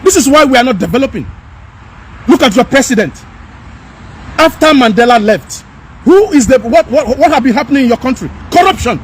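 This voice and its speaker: A man's voice: extremely high pitch, animated, fairly quick, long pauses, slight background noise. A man delivering an emphatic, repetitive, scolding rant as a commentator. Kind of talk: impassioned rant.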